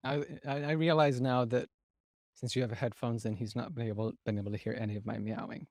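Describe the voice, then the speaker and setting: Playful man, mid-pitched voice, dry sound. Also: little pitch movement, darkish tone, dry recording. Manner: playful, easygoing, quick to laugh. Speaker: podcast guest. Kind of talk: casual chat. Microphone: video call.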